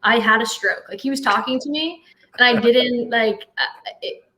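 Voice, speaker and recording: A woman from Vermont, a hockey team's general manager, telling stories in a bubbly, animated way in a casual interview. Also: on the high side, normal speed, rough recording.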